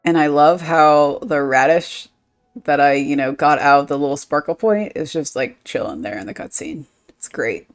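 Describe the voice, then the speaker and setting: A woman's voice: low-pitched, animated, normal speed, soft background music. A woman livestreaming a story game, giving casual commentary and reading its dialogue aloud between asides.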